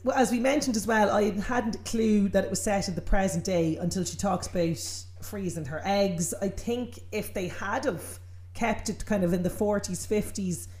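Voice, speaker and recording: An Irish woman talking casually on a podcast, wry and chatty. Her voice sits at a middling pitch and carries a noticeable roomy echo. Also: normal speed, a little mellow. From Ireland. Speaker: podcast co-host. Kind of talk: casual chat.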